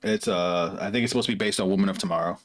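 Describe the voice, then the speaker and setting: A man streams live reactions to music, talking casually, bluntly and with open emotion while swearing freely. His voice sits low and he races through his words.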